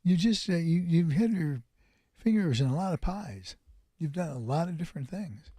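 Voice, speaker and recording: A man's voice: on the high side, lively intonation, normal speed, mellow, husky, no echo. A man hosting a radio talk show, joking and conversational with his guest. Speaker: radio host. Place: radio studio.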